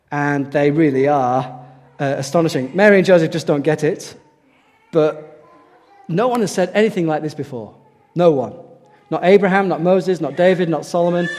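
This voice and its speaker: A fairly high-voiced man preaches to his congregation with lively swings in intensity, pushing some phrases up loudly and letting others fall to a near hush. He often turns questions to the room. His voice carries a long echo through a church hall. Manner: animated, rises for emphasis and drops to a hush, asks the audience questions. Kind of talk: sermon to a congregation.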